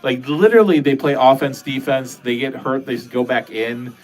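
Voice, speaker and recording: A man chats loosely on a livestream from his basement, drifting from one thought to the next and swearing freely. His voice sits at an ordinary middle pitch, with some soft music behind him. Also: moderate pace. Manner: rambling, profane, self-deprecating. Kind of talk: casual livestream chat, reading out comments. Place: home basement.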